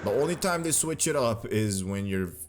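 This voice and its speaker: A man's voice: lowish voice, animated, normal speed. A man giving casual, slangy, rambling commentary while playing a video game. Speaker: gaming video host. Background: video game music.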